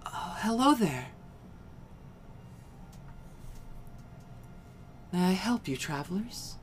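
A game master voicing a curious, kindly ancient female tree dryad, speaking softly and slowly with a sense of wonder. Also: sits high, sing-song, slight background noise, pitched above the performer's own voice. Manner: soft, slow and wondering.

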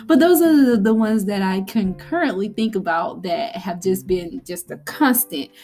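A woman hosting a podcast, talking casually to her listeners, animated and laughing often between exclamations. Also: fairly high pitch. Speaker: podcast host.

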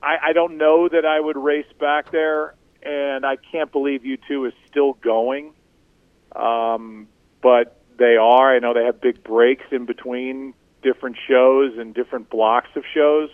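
A middle-aged man tells self-deprecating stories in a relaxed interview, often stumbling over his first words. He talks from a tinny, phone-like remote line with a dry, close sound and a voice of ordinary pitch. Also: no room sound. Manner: self-deprecating, halting with repeated restarts. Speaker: guest. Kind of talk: casual interview storytelling.

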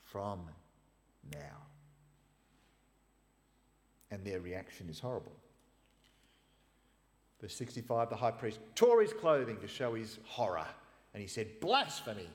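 Animated preacher man in echoing hall. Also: lowish voice, slow pace, pauses often. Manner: animated, emphatic storytelling with asides. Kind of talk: sermon reading scripture. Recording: long reverb of a large hall.

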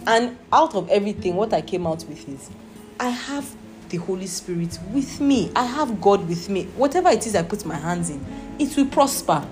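A woman's voice: mid-range voice, animated, moderate pace, a little mellow. A woman with a Nigerian accent teaching a Bible lesson, earnest and often checking that her listeners understand. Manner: earnest, repeatedly asking "Do you understand?". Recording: roomy echo with music behind.

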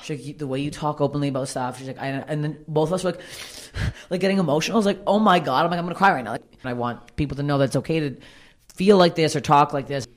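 A woman comedian talking bluntly and swearing freely in a candid conversation, with a low voice. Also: quick pace. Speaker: comedian and podcast guest.

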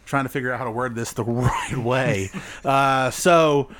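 A man's voice: medium pitch, unhurried, fairly bright tone. A young man telling crude, funny stories in casual chat and acting out the people in them. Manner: crude, laughing, acts out voices in stories. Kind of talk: casual storytelling.

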